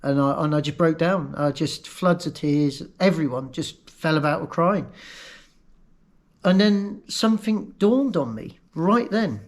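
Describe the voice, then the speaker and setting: Emotional man, slightly high voice. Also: expressive. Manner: candid and emotional, halting in places. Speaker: vlogger recounting his own accident. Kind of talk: personal storytelling.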